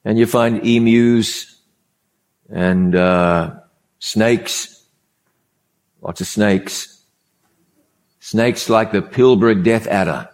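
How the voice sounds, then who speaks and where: Man, preacher, conversational sermon, repeats words for emphasis, measured pauses. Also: fairly low pitch. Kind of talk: sermon with storytelling opening.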